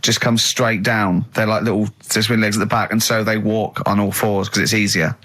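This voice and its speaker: A man hosting a radio show in a studio, teasing his co-hosts with quick banter. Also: on the low side, fairly even intonation, a bit bright. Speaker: radio host. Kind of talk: casual radio chat.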